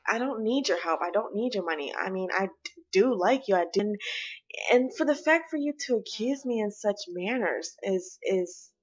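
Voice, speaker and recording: A woman voicing an indignant, defensive young woman in a game story, firing off quick, exasperated outbursts. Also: mid-range voice, animated, muffled recording, lightly acted. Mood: angry.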